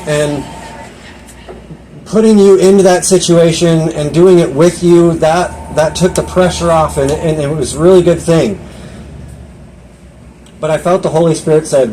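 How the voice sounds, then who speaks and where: A man's voice: on the high side, moderate pace, dark tone, slight background noise, poor audio. Earnest man sharing a personal story. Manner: earnest, conversational, many restarts and quoted inner thoughts. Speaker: Bible study speaker. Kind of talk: personal testimony.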